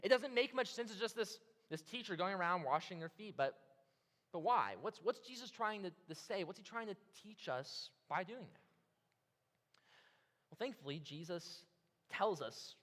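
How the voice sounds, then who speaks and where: Male preacher, high and bright, animated storyteller, reverberant hall. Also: moderate pace. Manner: animated storytelling, acts out the disciples' reactions. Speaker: pastor. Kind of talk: sermon.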